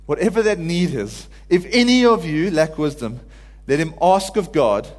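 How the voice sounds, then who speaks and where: Earnest male preacher, informal sermon, a bit high-pitched, echoing church hall. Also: lively intonation, moderate pace. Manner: earnest, builds to pleading cries when quoting.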